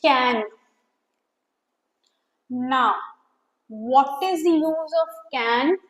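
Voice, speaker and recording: A woman teaching an English grammar lesson, explaining slowly with fillers and pauses. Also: high-pitched. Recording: echoey room with long reverb.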